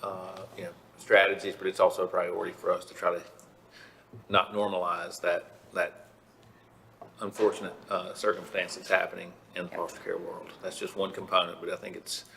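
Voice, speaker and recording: County official, man, very deep and gravelly, a dead-flat halting delivery, faint room noise behind. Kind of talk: remarks at a public meeting. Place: county board meeting room.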